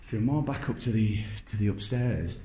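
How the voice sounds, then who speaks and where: A man's voice: fairly low pitch, lively intonation, normal speed, noisy background. A man, chatting wryly and self-mockingly as he films a walk-through tour. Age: 30s. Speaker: vlogger touring a building. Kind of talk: casual walk-through commentary. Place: large empty indoor building.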